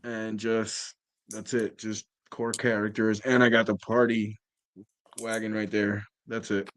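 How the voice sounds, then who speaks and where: A man's voice: lowish voice, little pitch movement, unhurried. A man co-hosting a casual toy-collecting chat, talking in a laid-back, rambling way and trailing off mid-sentence.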